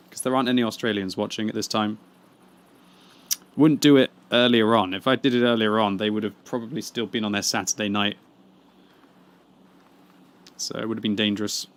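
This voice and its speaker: Teasing British man streaming a game. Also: medium pitch. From Britain. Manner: teasing, rambling, reads chat aloud. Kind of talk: casual livestream chat. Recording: clear background game noise.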